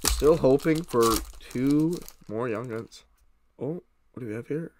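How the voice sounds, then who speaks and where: A man's voice: medium pitch, a little slow, background noise. A young man chatting casually to his viewers while opening packs of trading cards. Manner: excited, chatty, talks to viewers. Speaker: card-opening YouTuber. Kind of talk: casual pack-opening commentary.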